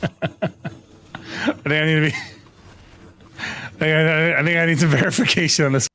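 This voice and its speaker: A man's voice: on the high side, steady tone, normal speed, pushed and bright, clean tone. A young adult man streaming a game live, chatting casually and playfully protesting his innocence with frequent laughter. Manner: playful, mock-indignant protesting, laughing often.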